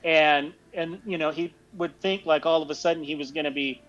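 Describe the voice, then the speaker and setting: A man's voice: a little high, steady tone, brisk, fairly bright tone. A man in his fifties tells a long, rambling story in casual chat, with many restarts. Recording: dull lo-fi audio with faint music.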